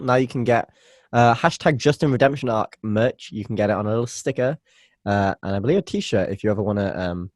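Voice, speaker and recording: A man's voice: on the low side, fairly quick, darkish tone, dry recording, studio quality. A man co-hosting a podcast in casual chat, teasing and chatty with plenty of fillers. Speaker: podcast co-host.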